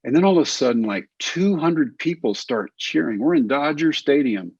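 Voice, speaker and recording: Middle-aged male storyteller, husky voice, dull dry podcast sound. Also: fairly high pitch, normal speed, dry recording. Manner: animated storyteller acting out quotes. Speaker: guest, former pitcher and coach. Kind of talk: storytelling interview.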